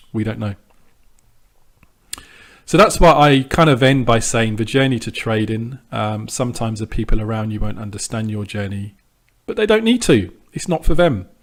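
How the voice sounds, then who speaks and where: A man who runs a sports trading channel, giving a casual spoken update that is full of ums and restarts and pushes back at his critics. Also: mid-range voice. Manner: conversational with frequent ums and restarts; defiant, dismissive of critics. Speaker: sports trader vlogger. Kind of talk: casual monologue to camera.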